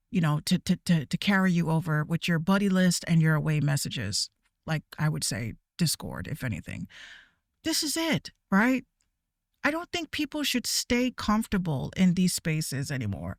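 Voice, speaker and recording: A woman's voice: lowish voice, dry recording, clean studio sound. A woman VTuber ranting casually to her viewers, profane and rambling, with stammering restarts. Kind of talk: casual rant.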